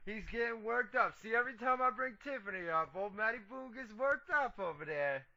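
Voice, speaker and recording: A man's voice: high voice, expressive, fairly quick, creaky, pushed and bright. A man co-hosting an internet radio show in casual profane banter. He keeps teasing his partner and calling him buddy, and he laughs often. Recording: dull lo-fi internet radio audio.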